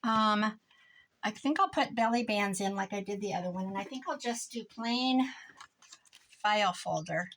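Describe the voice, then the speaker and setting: A woman's voice: mid-range voice, moderate pace, a bit bright, slight background noise, low-quality recording. Rambling chatty Midwestern woman crafting. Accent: American Midwest. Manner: rambling, chatty, laughs often. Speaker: crafting vlogger. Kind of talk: casual chat while crafting. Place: craft room at home.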